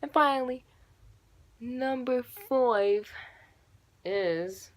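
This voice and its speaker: A woman's voice: a little high, extremely slow, slight background noise. Gushing young woman rambling in a vlog. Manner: rambling, gushing, filler-heavy. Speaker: YouTuber. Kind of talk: casual fan vlog.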